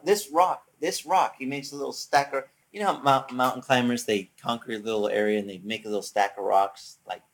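A man preaching a sermon as pastor, conversational and animated, acting out quotes from the story. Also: mid-range voice.

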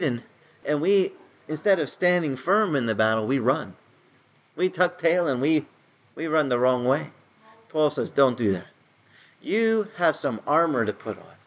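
A middle-aged man preaching in a conversational sermon style, his voice climbing higher when he stresses a point. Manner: conversational preaching, rises in pitch for emphasis. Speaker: pastor.

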